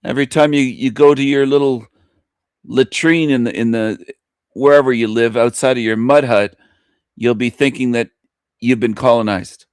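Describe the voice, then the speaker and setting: A man's voice: medium pitch, fairly even intonation, normal speed, smooth, no room sound, studio quality. A man hosting an internet talk show, delivering a boastful, taunting monologue and laughing at his own lines. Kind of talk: provocative monologue rant.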